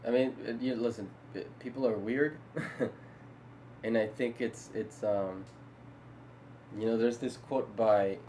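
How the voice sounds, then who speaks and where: A man's voice: lowish voice, fairly even intonation, takes it slowly, mellow, a little hiss or hum, poor audio. A man co-hosting a podcast, talking in a loose casual chat with many restarts and laughs between thoughts. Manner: rambling, frequent restarts, laughs while talking. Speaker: podcast co-host.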